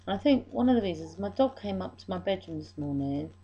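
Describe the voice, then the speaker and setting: Tearful woman with a gravelly voice. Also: fairly low pitch, expressive, quick pace, warm tone, lo-fi sound, slight background noise. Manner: rambling, apologetic, self-deprecating. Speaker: vlogger. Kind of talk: emotional diary vlog.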